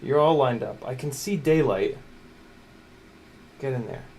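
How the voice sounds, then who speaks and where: This streamer has a medium-pitched, gravelly, darkish voice with lively intonation, speaking a bit slowly over a faint hiss or hum. He builds a drone at his bench, chatting casually, cracking jokes, and muttering encouragement to the parts.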